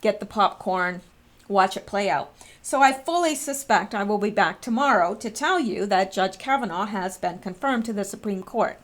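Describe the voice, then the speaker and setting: A woman's voice: mid-range voice, animated, normal speed. A woman vlogger talking casually and earnestly to her viewers, with frequent fillers and restarts. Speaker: vlogger commenting on politics. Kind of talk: casual spoken commentary to viewers.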